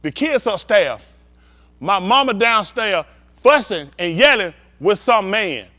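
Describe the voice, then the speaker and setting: Animated, high-voiced preacher acting out scenes. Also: male voice, takes it slowly. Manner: animated, profane, acts out scenes and keeps asking the crowd if they understand. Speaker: pastor. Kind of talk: comedic storytelling rant to a congregation.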